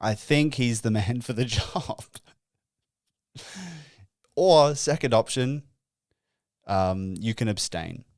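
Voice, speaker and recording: A man's voice: mid-range voice, expressive, takes it slowly, pauses often, darkish tone, no echo, studio quality. A man hosting a solo comedy podcast, mock-pompous and self-deprecating, breaking into chuckles. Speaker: podcast host.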